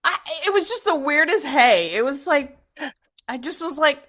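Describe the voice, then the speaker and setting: Middle-aged woman guest, animated storyteller, bright and sharp voice, laughs often. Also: high voice, moderate pace. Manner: lively, laughs often, acts out her own thoughts. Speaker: interview guest, TV writer.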